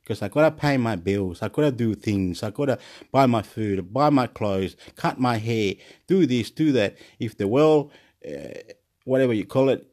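A man's voice: medium pitch, lively intonation, unhurried, a little mellow. A man rambles through a stream-of-consciousness vlog. He repeats his words and leaps between topics. Laughter keeps slipping into his talk. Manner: rambling, repetitive, laughs often. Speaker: YouTuber.

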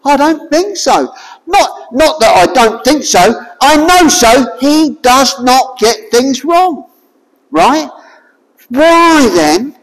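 A preacher delivering a sermon, firing rhetorical questions at the listeners and raising the voice to a shout at times. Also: high voice, sing-song, slow pace. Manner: forceful, raises voice to a shout at times. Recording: long hall reverb.

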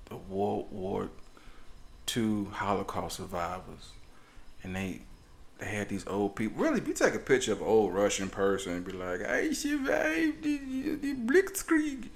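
Podcast co-host, male, lively rambling storyteller, laughs through his bits. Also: lowish voice, creaky. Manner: animated, rambling, laughs often.

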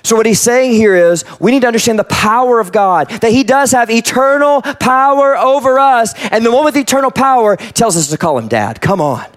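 High-voiced male pastor preaching. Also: expressive, fairly quick, hardly any pauses. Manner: conversational preaching, voices the scripture he quotes. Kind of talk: sermon.

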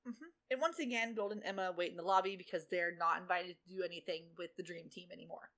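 A woman's voice: on the low side, fast talker. A woman co-hosting a podcast, retelling a TV episode in casual chat with sarcastic asides. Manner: animated storytelling, sarcastic asides. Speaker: podcast co-host.

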